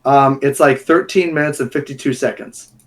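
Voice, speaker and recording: A man's voice: medium pitch, steady tone, moderate pace. Cocky young man arguing. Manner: cocky, insistent, teasing. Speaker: podcast co-host. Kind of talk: casual argumentative chat.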